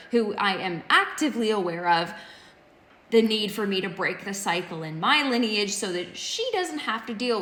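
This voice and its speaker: A woman in her thirties telling a personal story in casual, expressive speech that swings between loud and hushed. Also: medium pitch. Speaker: podcast host and mother.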